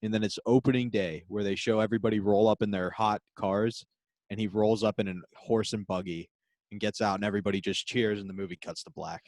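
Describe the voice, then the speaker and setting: A man's voice: on the low side, fairly even intonation, fairly quick, a little mellow, dry recording. A man who guests on a comedy podcast, laid back, laughing often and eagerly joining in the bit. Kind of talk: casual comedy podcast banter.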